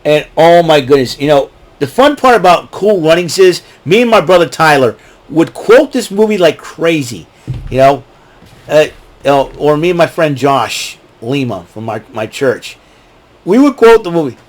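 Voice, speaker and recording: A man's voice: a little high, animated, moderate pace. A man hosting his own show, chatting casually and rambling through a ranking of his favorite films with many fillers and restarts. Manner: rambling, many fillers and restarts, breaks into quoted movie lines. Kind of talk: casual solo commentary.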